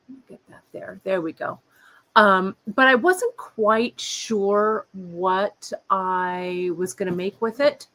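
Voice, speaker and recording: A woman in her fifties hosts a live craft stream from her workbench. She talks slowly and unhurriedly, rambling warmly between asides to her viewers and her cat. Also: medium pitch, poor audio. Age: 50s. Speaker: host of a live beading show. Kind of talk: casual live-stream chat. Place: workshop bench, indoors.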